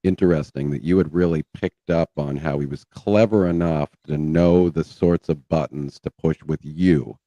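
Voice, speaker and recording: A man hosting a livestream discussion, gently prompting his guest in a measured way. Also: extremely low pitch, fairly even intonation, dry recording, highs cut off. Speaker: host.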